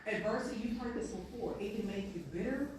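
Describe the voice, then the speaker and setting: A woman's voice: medium pitch, fast, darkish tone, slight background noise. Woman giving an earnest motivational speech. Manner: earnest, storytelling, repeats points. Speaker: keynote speaker. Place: large conference room with audience. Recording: echoey hall from far off.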